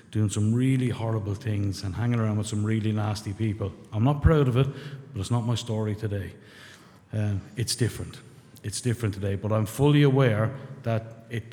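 A man's voice: fairly low pitch, warm tone. Blunt Irish man in a reverberant hall. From rural Ireland. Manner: blunt, candid, swearing, wry self-mocking humor. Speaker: member sharing at a recovery meeting. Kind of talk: personal testimony to a group. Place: meeting room.

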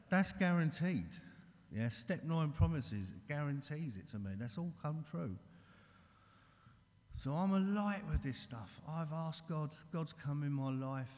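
A man's voice: fairly low pitch, darkish tone. A man giving an earnest, blunt recovery share, talking straight and calling everyone mate, in a large hall. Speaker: recovery speaker. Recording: long hall reverb.

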